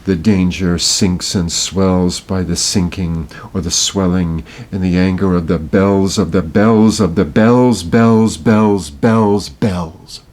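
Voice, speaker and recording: A deep, low-voiced man in his sixties, from Miami, takes his time with every phrase. He reads poetry dramatically and talks about it haltingly. His delivery is unhurried throughout. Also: steady tone, a little mellow. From Miami, Florida. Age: 60s. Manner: slow dramatic reading, hesitant afterwards. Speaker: podcast host. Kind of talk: poetry recitation and reflective talk.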